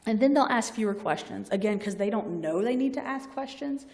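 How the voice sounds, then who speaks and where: A woman's voice: medium pitch, animated, brisk, darkish tone, in a large hall. A woman with a Southern US accent giving an informal, chatty lecture to students and often acting out short bits of dialogue. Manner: chatty, frequently acts out patient and doctor voices. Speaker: university library staff presenter.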